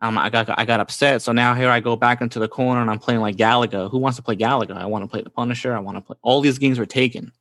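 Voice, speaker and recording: A man's voice: mid-range voice, fairly even intonation, racing, hardly any pauses, fairly bright tone, no echo. Laid-back slangy man from the Bronx. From New York, the Bronx. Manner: laid-back, slangy, says "bro" often. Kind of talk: casual storytelling chat.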